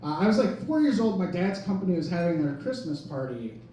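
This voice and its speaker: High-voiced young comic on a club stage. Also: male voice, very animated, fairly quick, mellow. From Wisconsin. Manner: rambling, self-mocking, lots of "like" fillers. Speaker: stand-up comedian. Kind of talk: stand-up storytelling. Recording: echoey club mic from a distance. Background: audience laughter.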